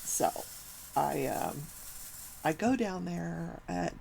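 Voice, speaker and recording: An older woman hosting a casual talk show, telling a long workplace story and acting out the people in it with lively, animated quoting. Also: lowish voice, slow pace, creaky, slight background noise, poor audio. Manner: animated, acts out quoted people.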